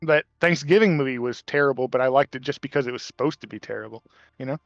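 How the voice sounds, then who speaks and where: A man's voice: medium pitch, quick pace, vocal fry, no room sound, soft background music. Chatty man on dull, dry voice chat. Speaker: player. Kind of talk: casual chat over voice call.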